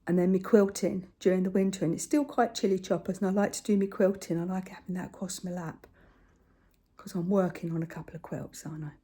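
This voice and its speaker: An older woman with a slightly husky voice films herself with a phone as she moves around her home kitchen. She chats in a rambling, homely way, speaking to her viewers and now and then to her cat. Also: lowish voice, steady tone, fast talker, warm tone. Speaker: craft vlogger. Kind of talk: casual chat to camera.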